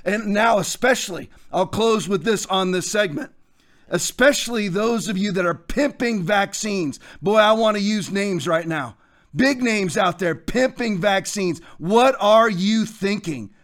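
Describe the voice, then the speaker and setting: A man hosting a show, preaching commentary in a forceful, hectoring way with repeated phrases. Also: sits high, unhurried. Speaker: host.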